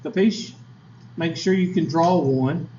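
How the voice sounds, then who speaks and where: A man's voice: a little high, takes it slowly, warm tone, slight background noise. A man teaching statistics in a classroom lecture, folksy and chatty, quizzing his students with asides. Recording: echoey lo-fi classroom recording.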